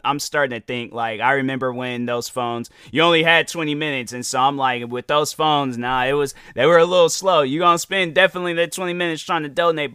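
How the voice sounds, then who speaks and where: A man's voice: on the high side, sharp tone, no room sound, clean studio sound. A young man hosting a podcast, telling a rambling, exasperated story in casual slang. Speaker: podcast host.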